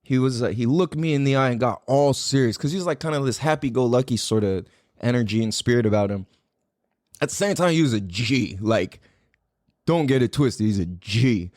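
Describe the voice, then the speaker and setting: A man's voice: mid-range voice, expressive, normal speed, a little mellow, dry recording, clean studio sound. A man in his forties from the USA hosting a podcast, talking casually with lots of swearing and slang. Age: 40s. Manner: laid-back, profane slang-heavy talk. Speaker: podcast host. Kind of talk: casual monologue.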